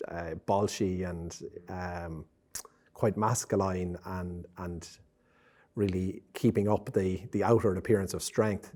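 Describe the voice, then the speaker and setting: Mellow low-voiced Irish man. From Ireland. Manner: hesitant, many fillers and pauses. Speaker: interviewer. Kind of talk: conversational interview.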